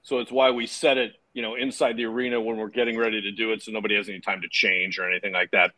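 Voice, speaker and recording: A man being interviewed about his work, telling stories in a relaxed, casual way with fillers and some swearing. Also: fairly low pitch, racing, low-quality recording. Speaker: guest filmmaker and actor.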